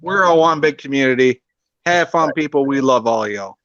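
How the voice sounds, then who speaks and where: A man's voice: mid-range voice, animated, normal speed, a bit bright, no room sound. A man talking about his channel on a live stream, blunt and crude, swearing freely. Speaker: stream guest, channel owner. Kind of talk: casual live stream chat. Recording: dull lo-fi stream audio.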